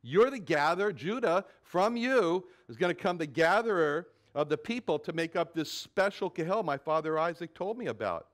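Animated man preaching a sermon. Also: on the high side, normal speed, hardly any pauses. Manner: animated, dramatic swells when quoting scripture; repeats words while thinking. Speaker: pastor. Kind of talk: expository Bible sermon.

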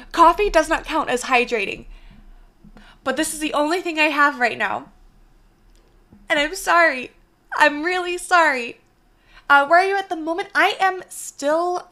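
Young female streamer, bubbly and effusive, high bright tone, slight hoarseness, small room. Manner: bubbly, effusive thanks to chat. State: slightly hoarse, voice partly gone. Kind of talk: casual live-stream chat. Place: small bedroom alcove.

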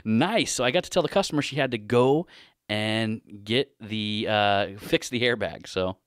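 A man's voice: on the low side, normal speed, a bit bright, dry recording, studio quality. A middle-aged man hosting a casual podcast, telling a rambling, profane shop story with frequent laughter. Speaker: podcast host, dent repair shop owner.

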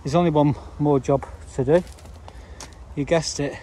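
A fairly high-voiced man rambles through his gardening chores in a relaxed, chatty way, with the odd dry grumble thrown in. He is recorded outdoors at an allotment, and a faint hiss of outdoor ambience sits behind his voice. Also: a little slow. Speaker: allotment vlogger. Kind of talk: casual chat to camera. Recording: faint background noise outdoors.

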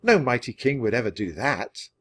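A man's voice: mid-range voice, big pitch swings, normal speed, fairly bright tone. A man voicing a proud, stern young prince in a storybook reading, speaking with a commanding tone.

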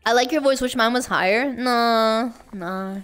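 A woman streamer with a high, squeaky voice, chatting casually and excitably with her chat, often shrieking and laughing. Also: a little slow, clean tone, soft background music.

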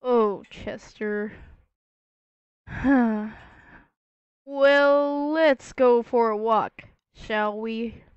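A woman voicing a caring, worried pony parent who speaks softly and soothingly in an amateur fan audio drama. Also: drawn-out words, long pauses, clear, resonant tone, no echo, muffled recording. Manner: soft, low and soothing.

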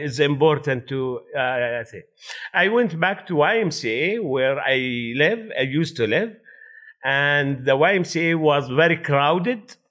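Lively Arabic-accented man telling stories. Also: a little high. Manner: animated, laughing, non-native grammar. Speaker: panel speaker. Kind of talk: personal storytelling at a talk.

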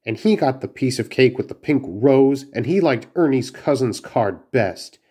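A man's voice: medium pitch, expressive, unhurried, warm tone, slightly rough. A man reading a children's storybook aloud, carefully, with small slips and restarts. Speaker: narrator.

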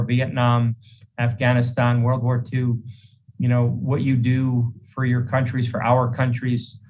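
A man's voice: mid-range voice, darkish tone, rough recording. A man hosting a meeting and giving earnest public remarks, often restarting his words. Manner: earnest, halting with repeated restarts. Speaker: state senator hosting a meeting.

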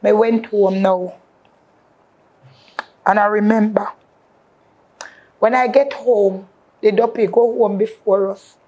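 A woman's voice: mid-range voice, fairly even intonation, takes it slowly, long pauses, dark tone, muffled recording. A woman with a Jamaican accent sharing an emotional personal testimony in patois and often calling out to the faithful. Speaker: guest.

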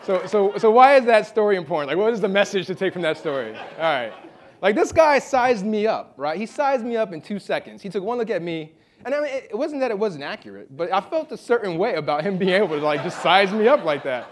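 A man gives a relaxed acceptance speech at an awards event. His voice sits a little high, and he tells a story while stumbling over repeated words and fillers. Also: a little fast. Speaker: award honoree giving a speech. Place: event hall.

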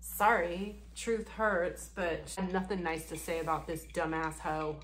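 A woman's voice: fairly low pitch, fairly even intonation, a little slow, a little hiss or hum. A woman vlogger giving casual reaction commentary, sarcastic and profane, laughing often.

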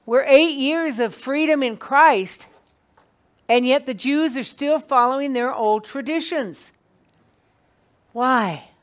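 A woman teaching an evening Bible class to a small group in a meeting room, talking in a lively, conversational way and putting questions to the class. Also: high voice, slow, pauses often.

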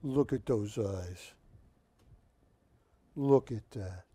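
Pitching art on a live shopping channel, this man uses a studio setting and a joking, long-winded salesman's patter. His voice is dark and husky, captured in a dry recording.

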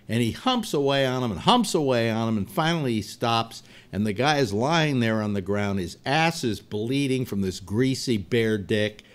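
A man hosting a talk show, telling a long joke to his panel as an animated, laughing storyteller. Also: medium pitch. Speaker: radio show host.

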